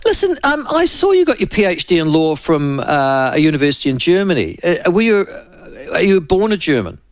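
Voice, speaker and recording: A man's voice: on the high side, sing-song, fairly quick, dry recording. A man hosting a radio talk show, interviewing a guest in a loose, chatty way with fillers and restarts.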